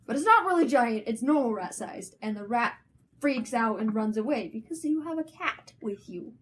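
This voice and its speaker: A woman's voice: fairly high pitch, animated, moderate pace, slight background noise. A young woman narrating a casual tabletop game as game master, playful and teasing, often laughing.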